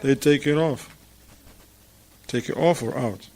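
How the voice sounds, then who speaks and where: Slow, deliberate man teaching a mosque class. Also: mid-range voice, a little mellow. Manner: conversational, asks the students questions and repeats their answers. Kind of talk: informal religious class with students.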